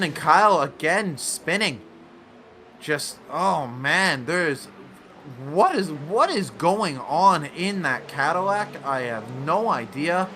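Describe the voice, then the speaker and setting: A man commentating a sim racing league event, excitable and often correcting himself mid-sentence. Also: on the high side, noisy background. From United States. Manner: excitable, self-correcting, laughs along. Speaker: race commentator.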